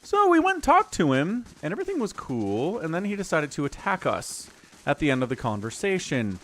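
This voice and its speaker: A man's voice: on the high side, huge pitch swings, fairly quick, fairly bright tone, slight background noise. A middle-aged man streaming a role-playing game, chatting casually and rambling as he explains the story. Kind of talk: casual live-stream commentary.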